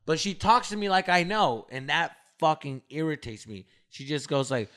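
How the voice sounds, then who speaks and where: Young man, podcast co-host, high bright voice, animated ranting delivery. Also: moderate pace. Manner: animated ranting, acts out both sides of an argument. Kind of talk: casual chat.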